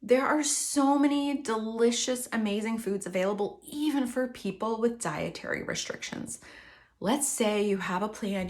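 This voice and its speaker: Woman coaching on healthy habits. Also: mid-range voice. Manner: warm coaching tone, acts out inner self-talk. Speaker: podcast host. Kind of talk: faith-based wellness podcast talk.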